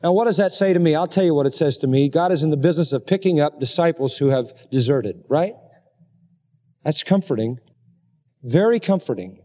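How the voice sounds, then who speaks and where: A man delivers a sermon with emphatic force, climbing to high, intense peaks. His voice is mellow and sits a little high. The sound rings with the long reverb of a large church hall. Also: expressive, fairly quick. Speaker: pastor.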